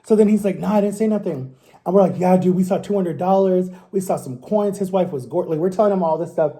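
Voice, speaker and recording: A man's voice: sits high, fast talker, mellow. A man in his thirties telling a story in a loose, rambling way, swearing often and asking "right?" again and again. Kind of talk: casual storytime.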